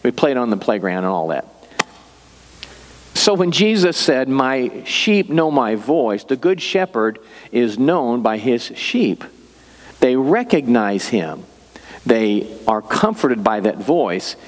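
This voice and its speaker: An older man preaching a sermon as a pastor, telling stories in a relaxed, conversational way. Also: mid-range voice, takes it slowly, big-room sound.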